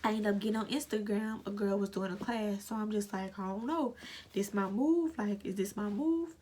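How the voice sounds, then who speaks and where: A woman's voice: medium pitch, moderate pace, darkish tone, slight background noise. A young woman telling an earnest, emotional personal story in a vlog. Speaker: lash technician vlogger.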